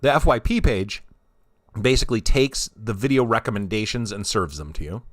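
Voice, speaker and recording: Dry-voiced man with lively inflection. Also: fairly low pitch, moderate pace, no echo. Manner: dry, teasing questions. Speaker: podcast co-host. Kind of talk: casual chat.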